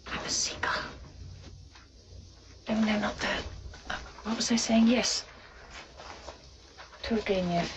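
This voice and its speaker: An actress playing a worn-out, dreamy young woman who talks in a hushed, half-whispered, wandering way. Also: medium pitch, steady tone, slow pace, long pauses, noisy background, natural voice. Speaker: actress in a film. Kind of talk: 1960s film drama acting.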